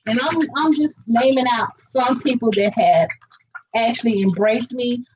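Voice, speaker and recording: A woman's voice: a little high, measured pace, darkish tone, lo-fi sound, slight background noise. A chatty woman, rambling casually to viewers while she cooks in her kitchen. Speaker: vlogger cooking live. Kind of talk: casual live-stream chat. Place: home kitchen.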